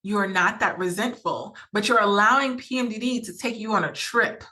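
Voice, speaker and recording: A podcast host gives personal advice in a sharp-toned, mid-range voice at normal speed. The woman talks earnestly and emphatically, with frequent repetition and quoted thoughts she acts out.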